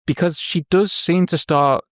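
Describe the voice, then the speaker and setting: A man's voice: on the high side, fairly even intonation, a little slow, dry recording, clean studio sound. A man co-hosting a reaction show, casually thinking aloud with small hesitations. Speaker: co-host. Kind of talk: casual chat.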